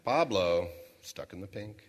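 A man's voice: on the low side, animated, unhurried. Folksy male speaker in a big hall. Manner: folksy storyteller posing rhetorical questions to the audience. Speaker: motivational speaker. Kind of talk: storytelling keynote speech. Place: large hall with a live audience. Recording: long reverb of a large hall.

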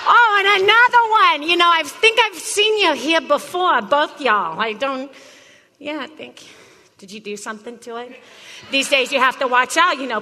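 A woman's voice: high voice, sharp tone, in a large hall, slight background noise, full character voice. An actress playing a pushy, brash botany teacher who teases her class in a comedy sketch. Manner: brassy, teasing, talks straight at a class. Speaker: comic actor playing a teacher.

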